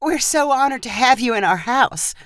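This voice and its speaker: A woman's voice: sits high, lively intonation, normal speed, fairly bright tone, no echo, studio quality, voice pushed up. A woman voicing a nervous, flustered middle-aged mother in a storybook reading, babbling fretfully.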